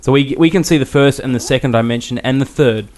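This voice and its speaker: A man's voice: mid-range voice, fast, darkish tone, a little hiss or hum. Rambling man in his thirties, casual chat. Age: 30s. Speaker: podcast host.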